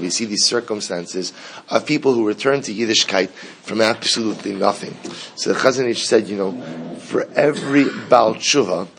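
Guy giving a torah class, earnest, repeats stuff for emphasis, kinda breathy husky voice, sounding. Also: mid-range voice, a bit bright. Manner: earnest, repeats phrases for emphasis, mixes Hebrew and Yiddish terms. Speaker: rabbi teaching a class.

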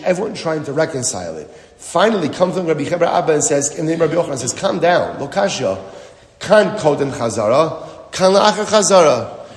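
A man explaining a Talmud passage in an emphatic way, repeating phrases and asking rhetorical questions. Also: a little high. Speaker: Talmud teacher. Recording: echoey hall with long reverb.

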